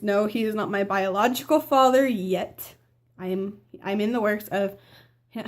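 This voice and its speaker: A teenage girl telling a personal story to camera in a rambling, casual way, full of fillers and restarts. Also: mid-range voice. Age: teens. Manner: chatty, rambling with fillers and self-corrections; acts out family members' lines in quotes. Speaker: vlogger.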